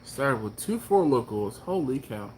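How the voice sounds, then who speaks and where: A man hosting a barbecue live stream, chatting casually and reading viewer comments aloud, with a laid-back, chuckling manner and drawn-out exclamations. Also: medium pitch, very animated, darkish tone, slight background noise. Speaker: barbecue channel host.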